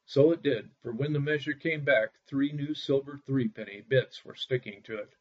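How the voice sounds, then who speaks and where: A man narrating a bedtime fairy tale in a lively reading, putting on voices for the characters, on a dull lo-fi recording. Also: medium pitch, normal speed. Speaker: storyteller.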